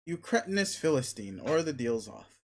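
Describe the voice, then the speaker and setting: A man's voice: on the high side, expressive, moderate pace, lightly acted. A man reading as a pushy, sneering young alien. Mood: domineering. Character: arrogant crude young male alien, bossy and vicious. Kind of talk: reading a webcomic aloud.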